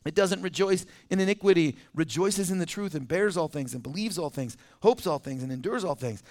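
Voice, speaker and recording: Guy with a fairly high voice preaching in church, chatty, laughs a lot, acts out little bits. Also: lively intonation, fairly quick, darkish tone. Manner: conversational, chuckles often, acts out little scenes. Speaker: pastor. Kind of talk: sermon.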